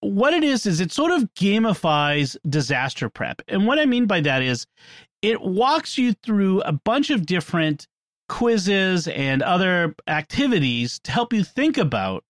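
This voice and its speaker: A man with a Boston accent hosts a podcast in a rambling, jokey way, laughing often. His voice sits a bit high for a man. The recording is close and dry. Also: big pitch swings, unhurried, no room sound. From New England. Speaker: podcast host. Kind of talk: casual chat.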